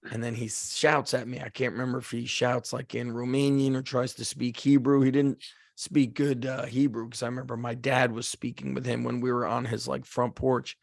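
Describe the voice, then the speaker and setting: A man hosting a podcast, telling a casual story with lots of "like" and acting out the shouted lines of the people in it. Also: mid-range voice, normal speed, gravelly, dry recording, clean studio sound. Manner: animated storyteller, acts out shouted quotes, frequent "like". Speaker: podcast host.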